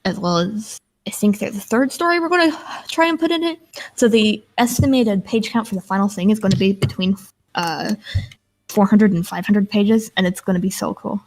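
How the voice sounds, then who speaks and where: Young woman, gravelly edge, rambling casual storyteller on a gaming stream. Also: medium pitch, normal speed, rough recording. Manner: chatty storyteller, many fillers. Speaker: guest streamer and artist. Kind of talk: casual chat while gaming.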